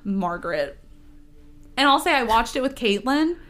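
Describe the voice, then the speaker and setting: A woman's voice: a little high, moderate pace. A woman hosting a casual chat, telling stories animatedly with lots of fillers. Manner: animated storyteller, many fillers.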